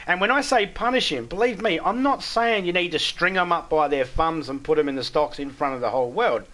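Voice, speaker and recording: Blunt Australian man, bright voice. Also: a little high, fairly quick. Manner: blunt, swears freely, stammers on restarts. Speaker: game streamer chatting with viewers. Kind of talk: casual live-stream chat.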